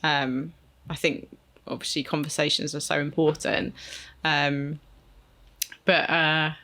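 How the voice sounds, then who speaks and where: A man co-hosting a casual podcast chat, speaking thoughtfully and pausing and restarting as he works through his ideas. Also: fairly high pitch, level tone, sharp tone. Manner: thoughtful, pauses and restarts while thinking aloud. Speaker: podcast co-host.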